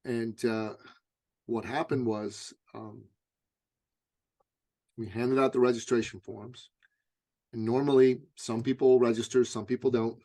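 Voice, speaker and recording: A middle-aged man recounting a personal story as an interview guest, at a middling pitch. He tells it vividly, often stumbling over repeated starts before pressing on. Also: level tone, unhurried, pauses often, dark tone. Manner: vivid anecdotal telling with repeated stammered starts.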